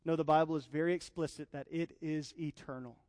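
A man's voice: a little high, fairly even intonation, brisk, a little mellow, no echo, long reverb tail. A young man preaching a sermon as a pastor, passionate and telling personal stories.

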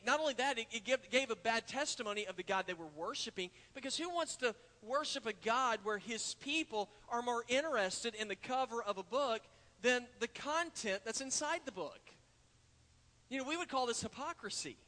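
Brisk, expressive and forceful, this male pastor's high, bright voice carries an earnest sermon through a church sanctuary. He restarts frequently and says "uh" a lot, rising to emphatic points, with long hall reverb on the recording.

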